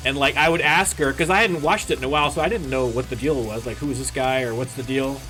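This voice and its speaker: A man's voice: medium pitch, fast talker, sharp tone, soft background music. A young Canadian man hosting a casual let's-play, rambling and joking as he plays. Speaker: gaming channel host.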